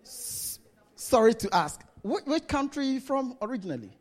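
A man preaching a sermon to his congregation, slow and deliberate, often laughing as he leads them. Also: very high-pitched, sing-song.

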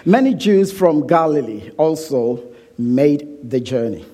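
A preacher delivers his sermon at an unhurried pace, his voice husky and mellow. His pitch moves freely as he stresses key points and repeats phrases for weight. In prayer he sinks to a quiet hush. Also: animated. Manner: soft, hushed prayer.

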